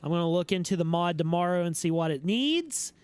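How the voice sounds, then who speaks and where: A man chatting casually with his live-stream audience while playing a game, relaxed and slangy, and sleepy. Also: high voice, brisk, clean tone, no room sound. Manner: relaxed and slangy, talking to chat. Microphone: streaming microphone.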